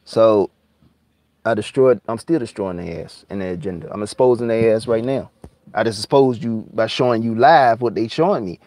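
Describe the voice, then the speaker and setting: A man ranting angrily and profanely on his live stream, repeating himself and sometimes drawling words out slowly. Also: fairly low pitch, a little mellow. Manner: heated, profane, repetitive, drawling slowdowns. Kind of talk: angry conspiracy rant on a live stream.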